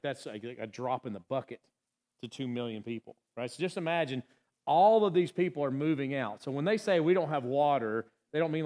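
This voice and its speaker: Chatty pastor teaching Bible study. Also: male voice, medium pitch, a little mellow. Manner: chatty, asks the congregation questions, many fillers. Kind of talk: casual conversational sermon. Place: church sanctuary.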